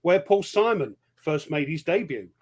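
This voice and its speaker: A man's voice: on the high side, big pitch swings, moderate pace. A man in his forties with an English accent, chatting casually as a podcast guest in a rambling, jokey way. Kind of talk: casual chat.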